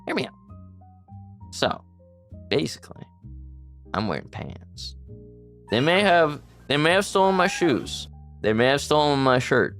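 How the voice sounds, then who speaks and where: A woman's voice: low-pitched, very animated, measured pace, long pauses, faint music behind. A woman streamer chatting casually on a live stream, playful and giggly, protesting in flustered bursts.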